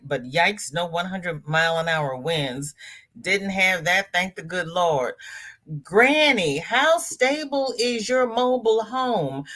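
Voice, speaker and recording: Slow-talking woman hosting a crochet livestream. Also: fairly low pitch, fairly bright tone. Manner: greets viewers by name and reads their chat comments aloud; chatty and affectionate, calling viewers girl, honey and darling. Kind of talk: casual livestream chat. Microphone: laptop.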